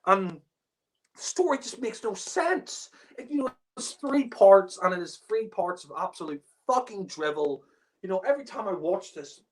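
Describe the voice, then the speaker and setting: Exasperated and swearing, a man rambles through an offhand spoken review, filling his speech with "you know" and "like." He keeps laughing as he complains, and his voice sits high.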